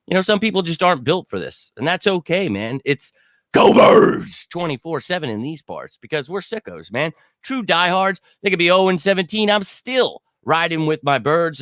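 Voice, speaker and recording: Brash, heated man with a bright voice. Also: medium pitch, dry recording. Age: 30s. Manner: brash, heated, profane, talks straight to viewers. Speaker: fan show host. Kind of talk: livestream rant.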